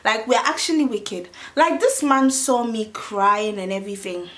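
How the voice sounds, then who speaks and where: Young woman vlogger, slightly high voice, animated and chatty storytelling, filler-heavy. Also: moderate pace. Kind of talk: casual storytelling vlog.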